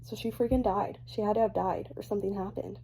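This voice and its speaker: Chatty young woman with a mellow voice. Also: mid-range voice, fast talker, slight background noise. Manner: chatty, animated, swings between gushing and ranting. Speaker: book vlogger. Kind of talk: casual reading reaction vlog.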